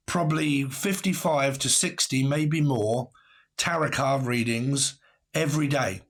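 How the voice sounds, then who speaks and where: A man's voice: medium pitch, vocal fry, a bit bright. A man giving a casual tarot reading to camera, blunt and rambling, who swears and laughs often. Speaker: tarot reader.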